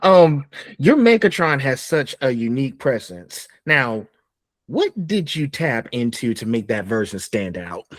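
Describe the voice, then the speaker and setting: A man's voice: medium pitch, very animated, a little slow, no echo. A man hosting an interview, asking casual, enthusiastic questions. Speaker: interview host.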